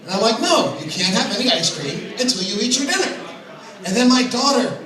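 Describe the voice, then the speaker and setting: A man's voice: very high voice, lively intonation, a little fast, a crowd in the background. A young man doing open mic stand-up comedy, telling self-deprecating stories with chatty asides. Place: small comedy venue with audience. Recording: echoey room recorded from far off.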